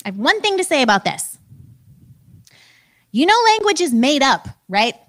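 A woman's voice: sits high, big pitch swings, moderate pace, long pauses, a bit bright. A woman in her thirties, a preacher and teacher, giving a casual, conversational talk with a self-deprecating manner.

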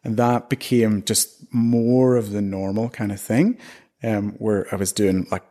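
A man's voice: lowish voice, fairly even intonation, a little slow, warm tone. A man in his thirties from Northern Ireland with a Northern Irish accent, chatting casually as an interview guest and laughing often.

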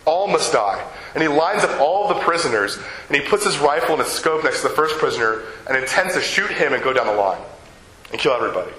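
An older male pastor delivers a sermon with a bright, forceful voice. He tells a story, slows down on key words and asks the listeners questions. The room around him is echoey, with faint noise behind him. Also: a little high, expressive.

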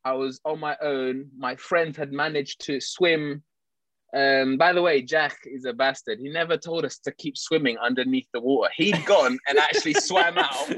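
A man telling a story in casual chat, animated, laughing often and restarting his sentences. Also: a little high, moderate pace, dry recording.

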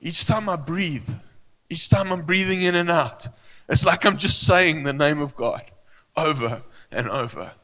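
A man preaching a sermon as pastor, earnest and emphatic, repeating phrases with searching pauses and audibly emotional. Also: fairly high pitch, expressive, pushed and bright. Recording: long hall reverb.

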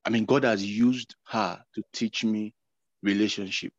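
Guy, low voice, kinda halting and earnest, muffled call audio. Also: fairly even intonation, dry recording. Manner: halting, repeats words, earnest. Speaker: participant. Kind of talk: casual faith sharing. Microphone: video call.

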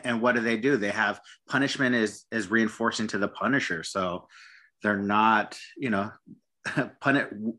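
A man with a low, bright and forceful voice talks about dog training in a relaxed conversation. He hesitates often and circles back, repeating words as he finds his point. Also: unhurried. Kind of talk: casual podcast conversation.

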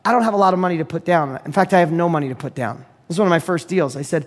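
A man giving a motivational business talk, telling a deal story in an energetic, direct, repetitive way. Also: sits high, quick pace, hardly any pauses, long reverb tail. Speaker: real estate investor and business speaker.

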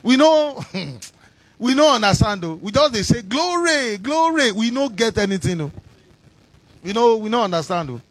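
A preacher voicing puzzled disciples in chuckling pidgin, with trailing "oh"s. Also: male voice, sits high, sing-song, no room sound, poor audio. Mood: sheepish. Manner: laughing pidgin speech, drawn-out "oh"s. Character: puzzled disciples, grown men, sheepish.

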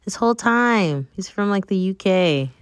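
A woman's voice: mid-range voice, expressive, normal speed, no room sound, studio quality. A woman hosting her own show, chatting casually and rambling with plenty of fillers. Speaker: podcast host. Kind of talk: casual solo chat.

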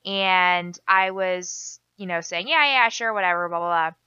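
A woman's voice: fairly low pitch, unhurried, sharp tone, clean tone, no room sound, highs cut off. A young woman with a Minnesotan accent, hosting a casual podcast in a rambling, self-deprecating way that drifts off on side tracks. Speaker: podcast host.

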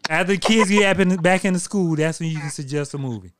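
A man's voice: fairly high pitch, quick pace, background noise. A man hosting a podcast, chatting casually and laughing easily as he tells stories. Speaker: podcast host. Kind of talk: casual chat.

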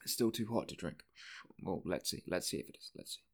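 A man's voice: deep voice, expressive, a little fast. Man, podcast host, solo casual monologue, rambling, profane, self-interrupting.

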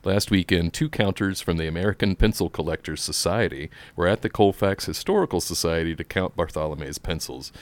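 Very low-voiced laughing podcast co-host man. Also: dry recording. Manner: laughs often, quick banter. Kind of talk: casual chat, reading news stories.

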